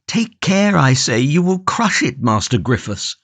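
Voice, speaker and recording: A man's voice: animated, measured pace. A man voicing an anxious male prisoner who pleads to save his tulip. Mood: pleading. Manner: pleading, higher and tense.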